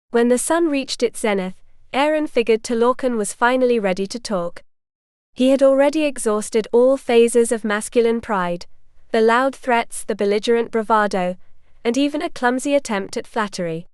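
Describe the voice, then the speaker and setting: A woman narrating an audiobook with a measured, even reading. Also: a little high, smooth, no room sound, studio quality. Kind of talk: scripted narration.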